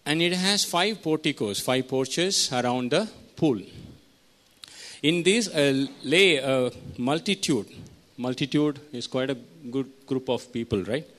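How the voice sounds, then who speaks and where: The preacher has a mid-range, fairly bright voice and talks a little slowly. He teaches his sermon verse by verse, stopping to ask his listeners questions.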